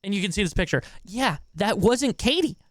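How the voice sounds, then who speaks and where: A man's voice: high voice, expressive, brisk, a bit bright, no room sound, clean studio sound. A man streaming a reaction video, ranting in an exasperated, profane way and chatting with his viewers in between. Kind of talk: live-stream reaction commentary.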